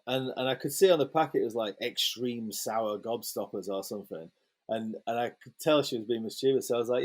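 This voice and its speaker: A man, a photographer guest telling a lively, sweary anecdote in a casual interview and acting out the quotes. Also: mid-range voice, brisk.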